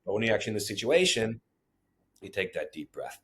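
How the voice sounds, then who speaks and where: Deep-voiced man telling a story. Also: brisk. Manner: animated, acts out quoted voices. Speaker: former child welfare social worker. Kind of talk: storytelling interview.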